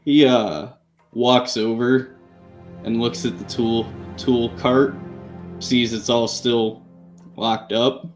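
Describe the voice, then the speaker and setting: A man's voice: medium pitch, fairly even intonation, soft background music. Man narrating a grim tabletop game. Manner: slow, deliberate, grim narration. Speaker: game master.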